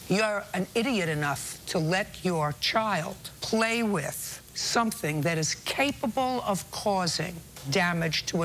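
A woman's voice: lowish voice, a bit bright, slight background noise. Woman, TV courtroom judge: blunt, scolding, sarcastic. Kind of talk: courtroom judgment. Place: TV courtroom set.

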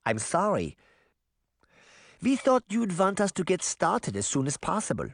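A man's voice: high voice, wildly swooping pitch, a little slow, fairly bright tone, dry recording, studio quality, voice pushed up, heavily acted. A man voicing a brave, polite old grandmother in a storybook reading. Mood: apologetic.

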